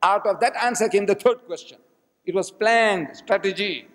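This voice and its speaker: A man's voice: high voice, moderate pace, fairly bright tone. A man giving a religious lecture as a dramatic storyteller in a mosque, acting out the speakers he quotes. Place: mosque hall. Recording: echoey hall archive recording.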